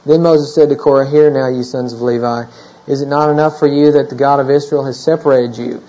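A man's voice: fairly high pitch, normal speed, warm tone, dull audio. A man in his thirties preaching a sermon as a pastor, in a conversational style full of "you know?" asides.

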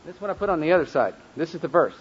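A man teaching a group how to memorize Bible verses, leading call-and-response drills and slowing down to stress each word, with folksy asides. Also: a little high, animated, dull audio, a little hiss or hum. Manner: leads call-and-response drills, slows and stresses words when reciting.

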